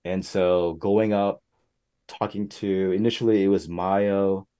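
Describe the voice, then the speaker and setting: A young man speaks as a guest on a casual podcast, telling his story with plenty of energy. His voice sits fairly low and has a warm, mellow tone. He keeps jumping up high in pitch when he acts out what other people said. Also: fairly even intonation, takes it slowly. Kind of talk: casual interview chat.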